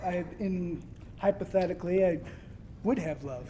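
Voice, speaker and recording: A man's voice: sits high, normal speed, mellow, a little hiss or hum. A man volunteering on stage at a seminar, answering in short, hesitant phrases, off the mic. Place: seminar room, away from the mic.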